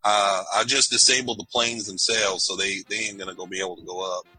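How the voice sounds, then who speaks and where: Male player in character, hesitant drawl, bright and lowish. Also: flat delivery, faint music behind, poor audio. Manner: halting, hesitant, casual drawl. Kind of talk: in-character tabletop play.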